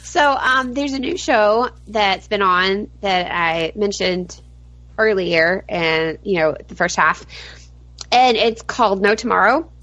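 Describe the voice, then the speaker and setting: A woman co-hosting a podcast, bubbly and giggly, gushing with animated energy. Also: mid-range voice, slow. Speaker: podcast co-host. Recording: dull lo-fi audio.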